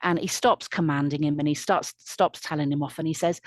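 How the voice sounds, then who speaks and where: A woman storyteller narrating a folk tale in a slow, soothing, lilting way. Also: low-pitched, fairly even intonation, no echo. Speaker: storyteller at a community event. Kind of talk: oral storytelling.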